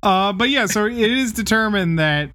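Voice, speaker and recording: A man's voice: sits high, expressive, moderate pace, bright, forceful tone, no echo, clean studio sound. A man co-hosting a casual podcast chat, recapping the plot with a laugh and plenty of swearing. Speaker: podcast co-host.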